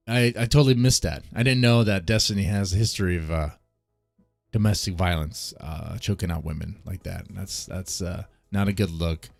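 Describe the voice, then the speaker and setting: A man's voice: lowish voice, normal speed, vocal fry, dry recording, soft background music. A man hosting a casual live stream, ranting bluntly and laughing often as he comments. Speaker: streamer host.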